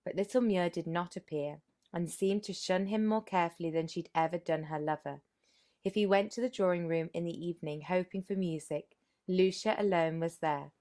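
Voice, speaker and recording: Low-voiced woman reading a classic novel. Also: moderate pace. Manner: steady reading with small restarts. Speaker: audiobook narrator.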